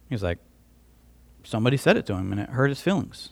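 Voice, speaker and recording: A man's voice: mid-range voice, brisk, gravelly, pauses often, darkish tone. A man pastor preaching a conversational sermon, telling a story and acting out both sides of the dialogue, often restarting with repeated words.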